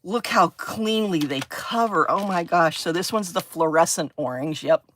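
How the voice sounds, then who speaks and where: A woman's voice: on the low side, moderate pace, a bit bright, a little hiss or hum. A woman hosting a craft livestream, chatting casually and gushing with delight over her supplies. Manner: bubbly, gushing, squeals of delight. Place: craft table at home.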